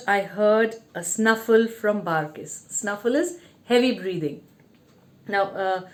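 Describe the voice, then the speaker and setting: A woman teacher reading a story aloud and stopping often to explain the meaning of words, slow and patient. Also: mid-range voice.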